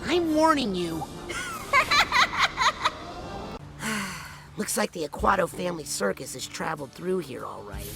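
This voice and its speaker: A woman's voice: lowish voice, very animated, brisk, vocal fry, hardly any pauses, loud music behind the voice. A woman voicing a curious young boy agent, earnest and a bit cheeky.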